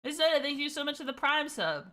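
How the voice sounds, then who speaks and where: Woman streamer, bright voice, chatty and playful, laughs often. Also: sits high, sing-song, a little fast. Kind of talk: casual gaming stream chat.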